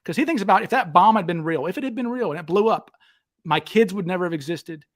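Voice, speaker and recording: High-voiced man telling animated stories. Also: fast talker. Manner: animated, acts out quotes with raised voice. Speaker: podcast host. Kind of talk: casual storytelling chat.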